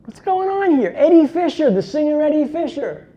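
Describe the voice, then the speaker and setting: A man's voice: very high-pitched, sing-song, normal speed, dark tone. A man giving a dramatic storytelling talk as a conference speaker, emphatic and full of rhetorical asides. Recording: dull lo-fi recording.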